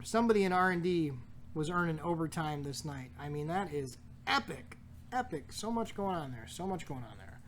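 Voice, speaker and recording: A man hosting a casual pack-opening video, reading card text aloud with jokey asides and stumbles. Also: on the high side. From United States. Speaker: card shop host opening packs.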